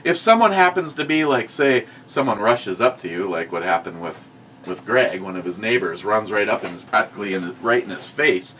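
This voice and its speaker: A man co-hosting a casual chat, ranting and swearing as he tells animated stories. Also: fairly low pitch, normal speed, a little hiss or hum. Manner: ranting, profane, animated storytelling. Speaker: podcast co-host.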